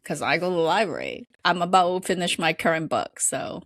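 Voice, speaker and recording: A woman co-hosting a podcast in casual chat, talking haltingly with many fillers and restarts and laughing between phrases. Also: on the low side, very animated, fairly bright tone, no room sound. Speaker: podcast co-host.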